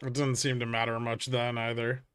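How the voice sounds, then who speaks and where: A man's voice: mid-range voice, flat delivery, moderate pace, fairly bright tone, smooth, no echo. A man hosting a casual live trading stream, answering chat with dry, wry banter. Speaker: livestream trading host.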